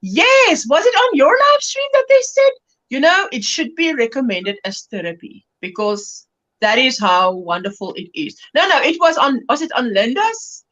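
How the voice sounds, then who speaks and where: A woman's voice: high voice, sing-song, normal speed, fairly bright tone. A South African woman hosting a crochet livestream, chatting casually and laughing often as she reads viewer comments aloud. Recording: lo-fi livestream audio.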